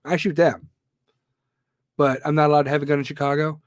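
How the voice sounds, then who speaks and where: Casting: male podcast host, fairly high voice, blunt and profane, dry close sound. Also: flat delivery, fairly quick, dry recording. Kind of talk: ranting monologue.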